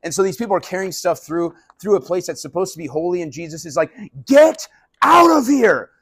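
A male pastor giving a casual, animated sermon. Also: on the high side, fast, husky, dry recording. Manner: animated, conversational preaching.

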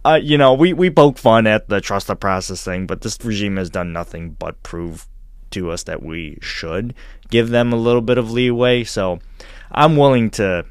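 A man's voice: fairly low pitch, moderate pace, clean tone, dry recording. Rambling podcast guy with a dry mic. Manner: rambling, laughs often, many restarts. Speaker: podcast co-host. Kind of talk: casual podcast chat.

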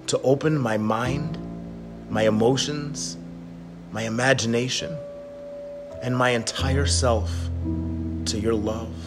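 A man leading a guided contemplative prayer as a pastor, speaking slowly and gently. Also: mid-range voice. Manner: slow, gentle and soft-spoken. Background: guitar music.

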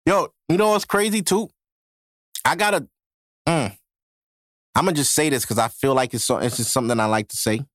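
A man's voice: a little high, normal speed, pauses often, fairly bright tone, no echo, clean studio sound. A man hosting a casual solo podcast, talking in loose, profane street slang and laughing often between thoughts. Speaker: podcast host. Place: home podcast setup in New York.

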